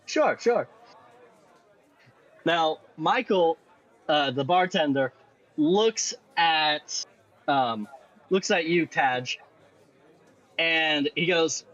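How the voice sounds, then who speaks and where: A man narrating as game master for a tabletop game, in an animated, playful way. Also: a little high, extremely slow, pauses often, muffled recording.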